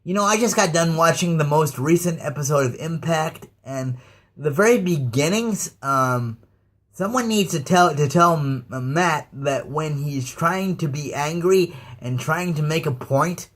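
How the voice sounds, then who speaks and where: A man ranting casually to his viewers about wrestling, halting and stammering with many fillers. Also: a little high, animated, fairly bright tone. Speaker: YouTube ranter. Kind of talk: casual rant to camera.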